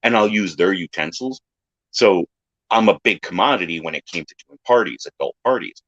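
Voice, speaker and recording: A man in casual chat who tells animated stories, acting out other people's lines in silly high voices and swearing freely. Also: normal speed, no room sound. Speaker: podcast panelist. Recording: dry, dull lo-fi sound.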